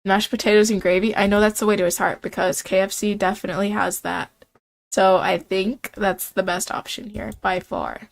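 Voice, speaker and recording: A young woman streamer giving playful, excitable casual commentary while playing a dating game. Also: medium pitch, moderate pace, vocal fry.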